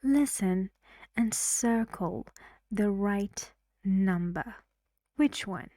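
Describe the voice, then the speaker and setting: Slow, mellow-voiced woman teaching pronunciation. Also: medium pitch, no echo, clean studio sound. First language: Persian. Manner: slow, careful explaining with frequent questions to the learner. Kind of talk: recorded classroom lesson.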